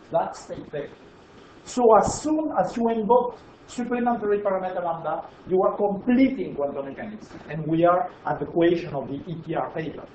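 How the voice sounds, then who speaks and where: Lecturing on physics with a French accent, a man explains points emphatically and checks that the audience is following. He has a high-pitched, warm voice, captured in a roomy, dull lecture hall recording with a little hiss or hum.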